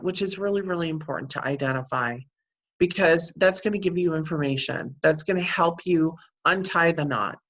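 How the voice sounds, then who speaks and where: A middle-aged woman with a notably low, deep voice speaks in an interview. She explains at length in an earnest, teaching manner and leans often on "you know." Her tone is steady and sincere. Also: lo-fi sound. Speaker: psychic medium and Reiki practitioner. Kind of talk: interview answers, explaining spiritual healing.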